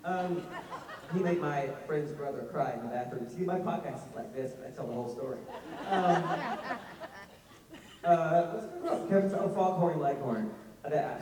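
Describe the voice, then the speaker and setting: A man with a Southern accent and a fairly high voice rambles through funny stories at a fan convention panel. He is self-mocking and full of animated asides. He is heard from a distance in a vast, echoing hall. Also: moderate pace. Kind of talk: casual storytelling to an audience. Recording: echoey hall, heard from far off.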